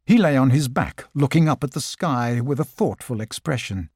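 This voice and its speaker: A man narrating a children's storybook, scripted and expressive. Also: mid-range voice, normal speed, breathy edge, no echo, clean studio sound.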